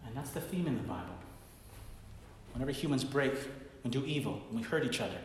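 A pastor preaching a sermon, telling a story dramatically and swinging from hushed tones to loud bursts. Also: male voice, medium pitch, expressive, fairly quick, slight background noise. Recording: very echoey hall reverb.

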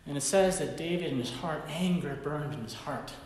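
A pastor preaching a sermon, telling a story dramatically and swinging from hushed tones to loud bursts. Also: male voice, on the high side, normal speed. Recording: very echoey hall reverb.

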